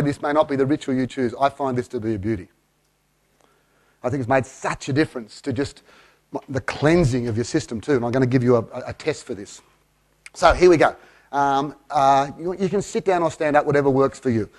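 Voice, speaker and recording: Man leading a breathing exercise on stage. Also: mid-range voice. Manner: lively, coaxing, counts out breaths. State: a bit out of breath. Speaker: keynote speaker. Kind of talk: live keynote talk, guiding a breathing exercise. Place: room with a live audience.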